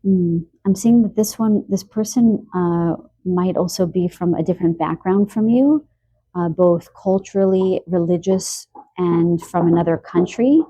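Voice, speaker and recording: A woman giving an intuitive love card reading, musing aloud with soft laughs and a slightly stuffy nose. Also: on the low side, unhurried, no room sound. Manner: musing, stream-of-consciousness, frequent soft laughs. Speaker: tarot card reader.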